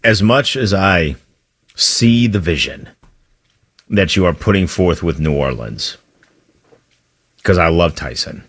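A man's voice: sits low, animated, takes it slowly, pauses often, fairly bright tone. A man co-hosting sports talk radio in casual, joking banter.

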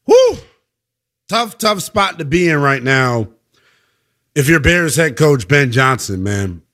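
A man hosting a sports radio show, talking with emphatic, opinionated passion that swings from loud to subdued. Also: medium pitch, lively intonation, measured pace.

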